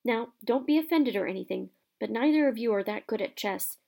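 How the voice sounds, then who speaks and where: Clever young boy strategist in a storybook , voiced by a woman; firm, quietly determined. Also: fairly high pitch, animated, brisk, vocal fry. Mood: bossy.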